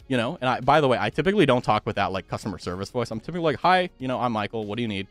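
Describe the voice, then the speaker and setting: A man's voice: mid-range voice, lively intonation, quick pace, fairly bright tone, soft background music. A male streamer chatting casually with viewers, swearing freely and laughing often.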